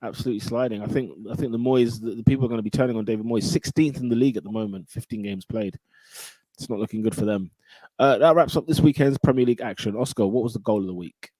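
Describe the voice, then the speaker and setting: Laughing football podcast host. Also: male voice, medium pitch, quick pace, dark tone, no echo. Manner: laughs often while running through scores. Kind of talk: casual football chat.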